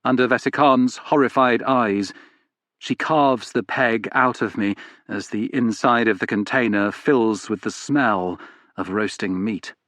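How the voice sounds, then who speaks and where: A man reading a novel aloud in first person, in a measured, even storytelling manner. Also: medium pitch, dry recording. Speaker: audiobook narrator. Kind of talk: first-person scripted narration.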